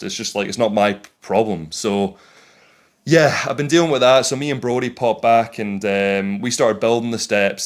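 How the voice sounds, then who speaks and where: A young man telling a story to camera in a casual vlog. He rants in a frank, exasperated way and leans hard on "like" as filler. His voice sits a little low for a man. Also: normal speed. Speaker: tradesman vlogger.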